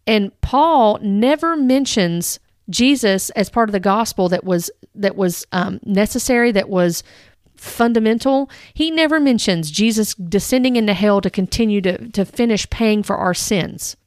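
An earnest woman talks through a religious teaching and rebuts it point by point. Her voice is smooth and clear at a middle pitch. The sound is dry and close, with no room around it. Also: lively intonation, unhurried, a little mellow, no echo. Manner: earnest, reads quotes aloud then rebuts them. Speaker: Christian commentator. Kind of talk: critical teaching commentary.

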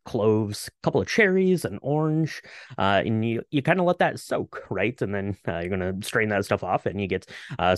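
A man's voice: fairly low pitch, no echo, studio quality. A man in his thirties co-hosting a podcast, chatting loosely with lots of "uh" and "you know" as he explains a drink. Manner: relaxed, filler-heavy, explains things. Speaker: podcast co-host. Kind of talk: casual chat.

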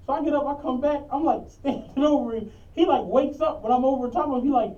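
A man, a podcast co-host and bus driver, telling stories in a loud, animated, profane way. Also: very high-pitched, fast talker. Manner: animated, profane, acts out quotes. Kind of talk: casual storytelling chat. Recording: muffled lo-fi audio from a distant mic.

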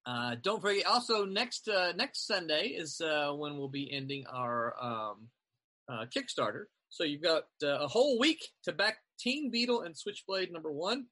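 Bright-voiced host rambling with fillers. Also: male voice, a little high, normal speed, dry recording. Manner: relaxed, rambling, many fillers. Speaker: show host. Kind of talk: casual online group chat.

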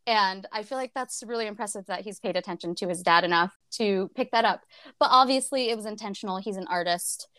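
A woman's voice: medium pitch, a little fast, pushed and bright, dry recording, clean studio sound. A woman co-hosting a podcast, chatting casually about a book, swearing and laughing often. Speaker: podcast co-host.

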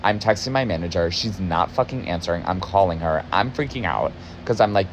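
A man's voice: deep voice, lively intonation, brisk, few pauses, a little hiss or hum. A young man telling a story in a casual, agitated way, cursing often for emphasis. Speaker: podcast host, former barista.

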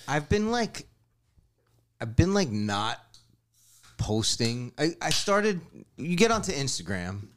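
A man's voice: mid-range voice, big pitch swings, slow pace, pauses often, slight background noise. A man chats as a podcast guest, his voice sitting in an ordinary middle range. He rambles in an easygoing way and swears freely. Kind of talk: casual chat.

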